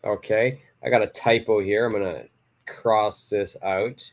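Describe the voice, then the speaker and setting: A man's voice: on the low side, steady tone, unhurried. A man teaching a beginner English lesson, praising students and stressing key words as he explains. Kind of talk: live online English lesson.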